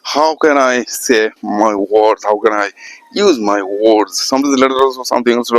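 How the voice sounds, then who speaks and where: A man from Assam, an artist and art teacher who talks to the camera in halting English, with many pauses. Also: on the low side, no room sound, rough recording. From Assam, India. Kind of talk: casual spoken talk to camera.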